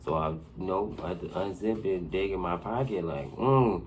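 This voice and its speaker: A man telling a profane personal story in casual podcast talk, animated and laughing often, checking in with his listeners again and again. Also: low voice, normal speed, slight background noise. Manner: animated, laughing often, keeps saying "you know what I'm saying".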